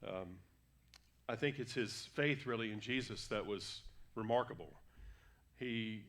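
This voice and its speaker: A man's voice: fairly low pitch, measured pace, fairly bright tone. Conversational male guest preacher. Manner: conversational, with frequent fillers and self-corrections. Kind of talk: sermon. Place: church sanctuary.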